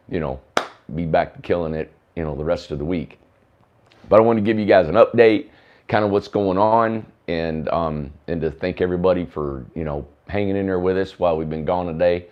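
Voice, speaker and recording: Hoarse deep-voiced man. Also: brisk, muffled recording. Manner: rambling, with many fillers. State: hoarse from a sore throat. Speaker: host of a tiny homes livestream. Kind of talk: casual livestream chat.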